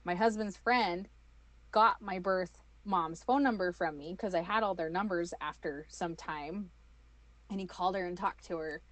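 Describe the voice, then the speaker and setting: A woman, telling her own story as an interview guest, animated and full of fillers. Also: on the low side, normal speed, no echo. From United States. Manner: animated, acts out quoted voices, many fillers.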